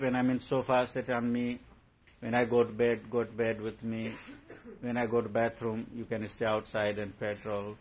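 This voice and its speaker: A man delivers a spiritual discourse in a husky voice, pressing his listeners with rhetorical questions before slipping into playful stories. The recording is dull and lo-fi, with the highs rolled off. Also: flat delivery, moderate pace. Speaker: spiritual teacher.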